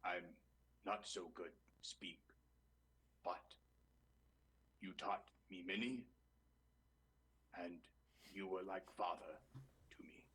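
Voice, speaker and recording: A man voicing a large male alligator-like dragonkin cook who speaks in halting, broken sentences. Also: sits low, steady tone, pushed and bright, husky, exaggerated voice, poor audio. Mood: mournful.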